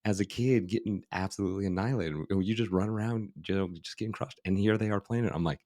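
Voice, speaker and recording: A man's voice: fairly low pitch, steady tone, quick pace, hardly any pauses, a little mellow, no room sound, clean studio sound. A middle-aged man, a life coach guest on a podcast, telling a story casually and often saying "you know" and "right?".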